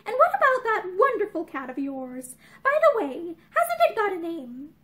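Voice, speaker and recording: A woman's voice: very high voice, very animated, normal speed, fairly bright tone, heavily acted. A woman voicing a cheerful, earnest well-off young man who is friendly and stammers a little.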